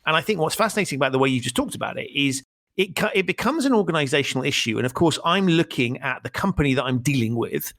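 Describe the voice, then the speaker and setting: A man's voice: a little high, animated, fast talker, fairly bright tone, dry recording, studio quality. A man hosting a podcast, reflecting on his guest's points in conversational commentary. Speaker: podcast host. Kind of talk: conversational interview.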